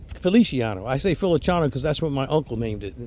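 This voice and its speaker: A man's voice: medium pitch, fast talker, darkish tone. A man hosting a casual garden vlog outdoors, talking in an enthusiastic, rambling way and repeating words as he goes. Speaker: fig grower and channel host.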